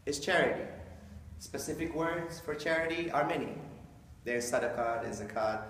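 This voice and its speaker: A man's voice: medium pitch, a little hiss or hum. A man giving an informal, joking talk to a live audience, often acting out quoted voices. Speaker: speaker explaining Islam to an audience. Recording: echoey hall from a distant mic.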